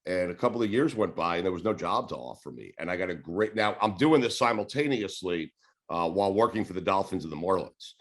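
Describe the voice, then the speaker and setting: A man in his forties with a New York accent, telling stories in a casual interview, rambling and relaxed, swearing and laughing as he goes. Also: deep voice, brisk. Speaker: sports radio host, podcast guest.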